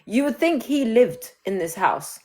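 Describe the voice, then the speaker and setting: A grieving woman, talking openly on a phone livestream from home in a halting, emotional way. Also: fairly high pitch, very animated, darkish tone. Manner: open and emotional, halting restarts. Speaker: livestream host. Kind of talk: candid live chat.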